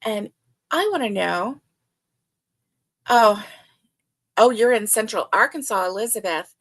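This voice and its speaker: A woman's voice: medium pitch, lively intonation, unhurried. An older woman hosting a casual livestream chat, reading viewer comments aloud and talking with many fillers. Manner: chatty, warm, with many fillers. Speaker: livestream host.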